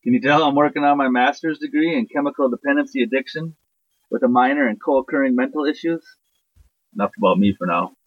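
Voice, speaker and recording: A man's voice: mid-range voice, no echo, muffled recording. A man leaving a recorded voice message for a podcast host, joking and heartfelt in turn. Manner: jokey, upbeat, heartfelt.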